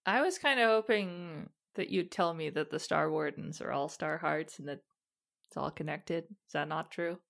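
A woman's voice: low-pitched, normal speed, gravelly, fairly bright tone. A woman playing her character in a tabletop game, talking in a rambling, hesitant way. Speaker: player. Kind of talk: tabletop role-play, in character.

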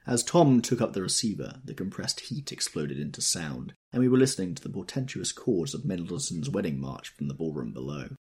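A man with a low, husky, slightly mellow voice narrates an audiobook in a wry, reflective storytelling style. His pitch swings widely and he reads briskly, with few pauses.

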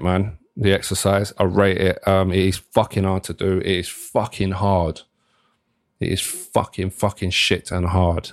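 A man's voice: low-pitched, vocal fry, no echo, clean studio sound. A young man hosting a solo podcast, rambling casually, swearing freely and often restarting his sentences. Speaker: podcast host.

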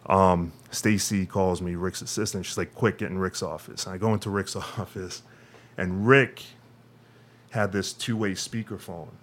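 Low-voiced storytelling man from Long Island. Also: fairly even intonation, normal speed. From Long Island, New York. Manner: acts out quoted people, swears casually. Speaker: podcast guest. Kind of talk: animated anecdote storytelling.

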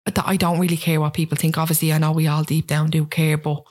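A woman's voice: deep voice, quick pace. A woman around thirty, a guest chatting casually and animatedly, often acting out what other people said. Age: about 30. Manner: animated, acts out quoted voices. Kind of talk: casual chat.

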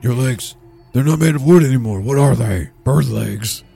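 A man playing a bumbling, self-important townsman under hypnosis, who talks in a rambling, excitable, panicky way. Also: mid-range voice, normal speed, gravelly, slightly rough, faint music behind.

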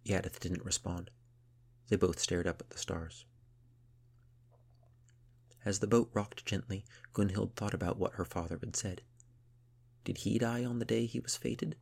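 A man narrating a storybook in a slow, measured, soft reading voice. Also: deep voice, fairly even intonation, gravelly, breathy edge.

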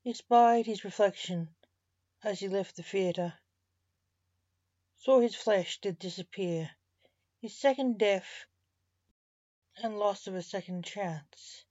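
Slow-reading woman storyteller. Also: mid-range voice, mellow, no echo, highs cut off.

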